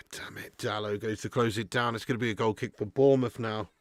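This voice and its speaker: A man hosting a live football watch-along, chatting casually, reading out viewer messages, and swearing loudly when his team concedes. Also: fairly low pitch, normal speed, no room sound. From England. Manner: excitable, swearing, chatty and laddish.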